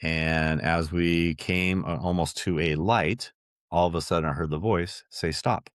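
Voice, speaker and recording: Deep-voiced man telling his story earnestly. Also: steady tone, measured pace, smooth, dry recording, clean studio sound. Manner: earnest, rambling, lots of restarts and fillers. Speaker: podcast guest. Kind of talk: personal storytelling in an interview.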